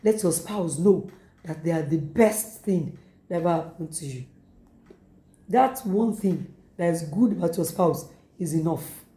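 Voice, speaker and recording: A woman pastor with a Nigerian English accent preaches with repeated urgings, slipping into quoted lines. Her voice is warm and mellow, and it rings in an echoey room. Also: on the low side, expressive, measured pace, pauses often. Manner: repetitive exhortation with acted quotes. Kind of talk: sermon.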